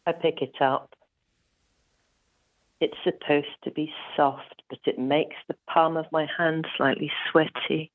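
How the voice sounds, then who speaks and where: Slow, reflective voice on a tinny line. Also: medium pitch, fairly even intonation, dry recording. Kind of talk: poetic storytelling warm-up.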